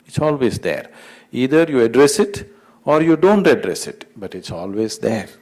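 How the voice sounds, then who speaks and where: A man at an average pitch giving a measured spiritual talk. He repeats his phrases to drive home each point. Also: big pitch swings, darkish tone. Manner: measured, repetitive emphasis. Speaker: spiritual speaker. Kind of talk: spiritual talk with a told joke.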